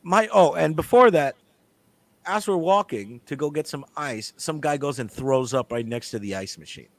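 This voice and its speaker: A man telling a story in casual chat, swearing freely and acting out the dialogue with lively energy. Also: on the high side, normal speed, no room sound. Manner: animated, profane, acts out the dialogue. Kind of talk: casual storytelling among friends.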